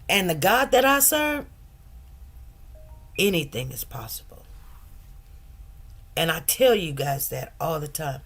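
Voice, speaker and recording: Middle-aged woman host, slow rambling personal stories. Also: medium pitch, a bit bright. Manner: rambling, repeats herself, many asides. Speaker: commentary channel host. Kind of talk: casual storytelling monologue.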